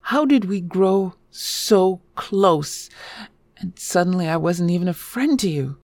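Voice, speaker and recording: A woman voicing an elegant young male fae who speaks haltingly and with sorrow. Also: fairly low pitch, expressive, darkish tone, no echo, studio quality, voice pushed up. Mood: grieving.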